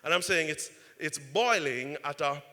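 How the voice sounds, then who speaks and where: Brief: male pastor, fairly high, bright voice, animated storytelling sermon, reverberant church hall. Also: measured pace. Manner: animated, repeats "right?".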